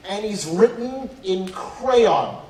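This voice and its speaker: A man speaking on college admissions at a school night, telling animated, humorous stories at an unhurried pace with a fairly high voice. He sounds far from the microphone in an echoey hall, with faint noise behind him. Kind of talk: talk to students and parents.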